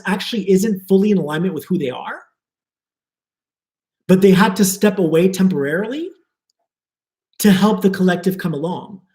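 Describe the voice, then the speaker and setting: A man's voice: sits high, dark tone, roomy sound. A man giving a live spiritual talk to his viewers, earnest and flowing, repeating words for emphasis. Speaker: spiritual teacher.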